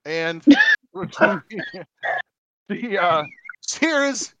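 A man's voice: high voice, huge pitch swings, drawn-out words, background noise. A man co-hosting a casual podcast, telling rambling, profane concert stories with frequent laughs. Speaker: podcast co-host. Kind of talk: casual chat among friends.

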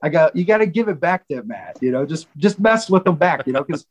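A man, a guest drummer, telling a story in casual chat, animated and swearing freely as he acts out the voices of others. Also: on the high side, fairly quick, slightly rough.

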